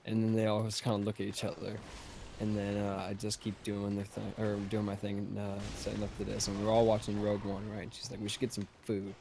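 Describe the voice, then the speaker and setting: Low gravelly man telling a story. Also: monotone, a little fast, noisy background. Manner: profane, rambling, laid-back. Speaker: podcast host. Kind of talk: casual storytelling.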